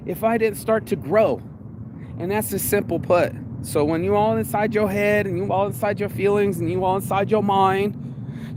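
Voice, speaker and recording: A man's voice: sits high, background noise. A man in his forties giving a crude, slangy motivational monologue as podcast host, often acting out voices in his head. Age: 40s. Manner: crude, pumped-up, slangy, acts out inner voices.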